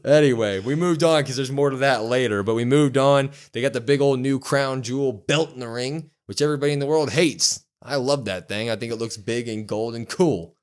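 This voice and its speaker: A man co-hosting a wrestling podcast, quickly recapping an episode in casual chat and acting out the quotes. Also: mid-range voice, clear, resonant tone. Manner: quick, animated retelling with acted-out quotes.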